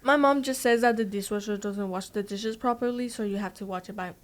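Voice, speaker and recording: A woman's voice: mid-range voice, fast talker. A woman in a casual group chat, telling playful family stories. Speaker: student or staff member.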